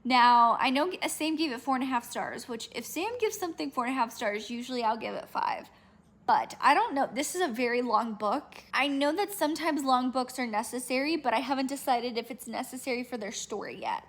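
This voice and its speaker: A young woman, chatting casually in a reading vlog, animated and rambling, swearing often. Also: a little high. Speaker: book vlogger.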